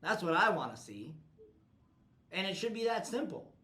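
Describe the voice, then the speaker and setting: A man's voice: high voice, sing-song, normal speed, reverberant, low-quality recording. A man coaching his team in a blunt, profane motivational talk. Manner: forceful, profane, pushy.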